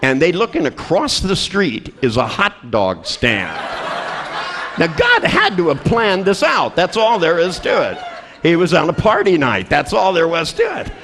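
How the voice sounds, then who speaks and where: A man presenting at a seminar, telling a funny story in an animated way. He often laughs mid-sentence and restarts his words. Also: on the high side, some chatter behind, a little hiss or hum. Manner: animated, laughing through lines, quick restarts. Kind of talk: comic storytelling to an audience.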